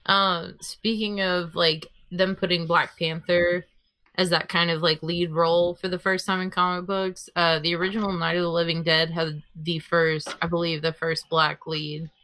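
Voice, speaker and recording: A woman co-hosts a podcast in a lowish voice. She rambles along in a relaxed, easygoing way. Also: moderate pace. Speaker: podcast co-host. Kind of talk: casual chat.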